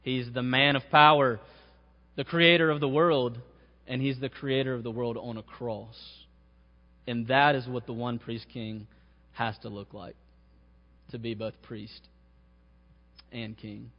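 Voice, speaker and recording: A man's voice: medium pitch, fairly even intonation, unhurried, long pauses. A man preaching a sermon, his voice rising to stress key phrases. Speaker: pastor. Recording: muffled sound with long hall reverb.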